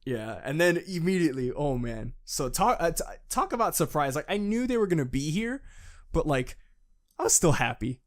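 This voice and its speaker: A man co-hosting a podcast in casual chat, excited and profane, often acting out characters' lines. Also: a little high, normal speed. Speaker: podcast co-host.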